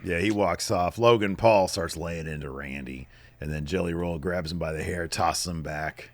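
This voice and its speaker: A man's voice: low voice, moderate pace, no echo. A man co-hosting a podcast, casually recapping wrestling with jokes, swearing and emphatic read-outs of promos. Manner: jokey, reads out promos with emphasis, swears freely. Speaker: podcast co-host.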